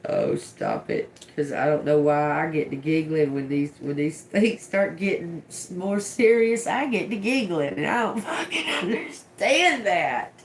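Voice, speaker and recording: On her livestream, a middle-aged woman channels a tarot reading in a slow, relaxed manner, her lowish voice very animated. Swearing freely and giggling to herself, she shifts from muttered lone words to rambling tangents over a faint background hum.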